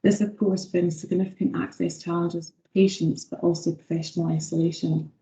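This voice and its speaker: A woman's voice: fairly low pitch, little pitch movement, a little fast, gravelly, dark tone. A woman giving a formal presentation as optometry lead to a health board, reading prepared text with some fillers. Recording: echoey dull video call audio.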